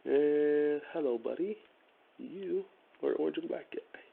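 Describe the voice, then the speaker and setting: A man's voice: on the high side, unhurried, vocal fry, breathy edge. A man from Ohio chatting and joking with viewers while he wires up a motorcycle, laughing often. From Ohio, USA. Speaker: motorcycle vlogger. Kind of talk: casual live-stream chat while wiring a motorcycle. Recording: phone-like narrow-band audio.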